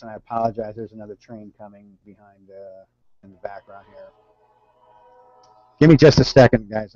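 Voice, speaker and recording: A man running an online team training session. He speaks earnestly and haltingly, restarting and repeating words as he goes. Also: lowish voice, a little mellow. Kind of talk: live online training talk. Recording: dull, dry lo-fi call audio.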